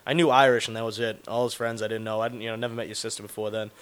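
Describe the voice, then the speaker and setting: A man's voice: fairly low pitch, flat delivery, racing, fairly bright tone, clean tone. A man telling a rambling, profane, self-mocking story in casual chat, laughing as he goes.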